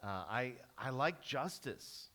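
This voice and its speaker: A middle-aged male pastor giving an animated sermon, stumbling and restarting often as he tells a story. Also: medium pitch, takes it slowly.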